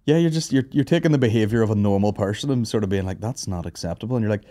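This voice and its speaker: A man's voice: fairly low pitch, rapid-fire. A man hosting a casual podcast chat, telling stories and swearing freely. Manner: sweary, animated storytelling. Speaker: podcast host.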